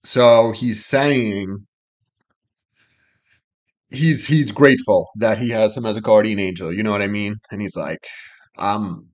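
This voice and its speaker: A man's voice: fairly low pitch, a little slow, long pauses. Earnest man breaking down lyrics. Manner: earnest, talks through lyrics with fillers. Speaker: music reaction host.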